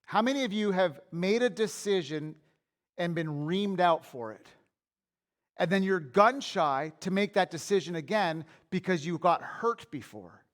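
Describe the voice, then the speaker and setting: High-voiced pastor preaching candidly. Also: male voice, lively intonation, unhurried, a bit bright. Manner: candid, conversational preaching with anecdotes; repeats and restarts words when worked up. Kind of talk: sermon. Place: church.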